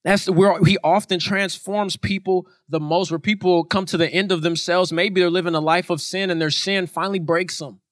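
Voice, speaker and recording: A man's voice: high-pitched, fairly even intonation, moderate pace, hardly any pauses, no room sound, clean studio sound. A man preaching a sermon in an earnest way, repeating his points for emphasis.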